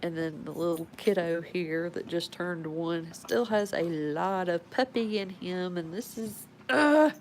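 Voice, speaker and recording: A woman's voice: fairly low pitch, a little slow, few pauses, slight background noise, poor audio. A woman, rambling casually about her pets at home and talking to them as she goes. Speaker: pet owner showing her animals. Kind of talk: casual home video chat.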